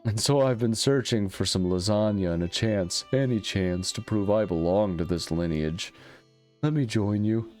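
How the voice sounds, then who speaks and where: A man's voice: lowish voice, sing-song, a little fast, few pauses, darkish tone, soft background music. A man voicing a romantic goofball male adventurer who brags about his family line in a laid-back, rambling drawl. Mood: boastful.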